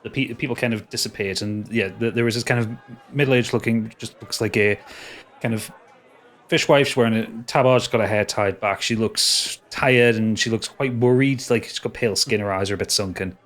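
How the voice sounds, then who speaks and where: A man's voice: fairly low pitch, normal speed, fairly bright tone. A man narrating as game master for a tabletop game, often restarting his words and swearing casually.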